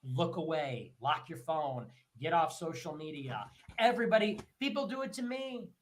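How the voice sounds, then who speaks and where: A man's voice: animated, moderate pace. A man hosting a livestream, ranting in heated, profane commentary and repeating his points. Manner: mocks others in shrill put-on voices. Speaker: livestream host.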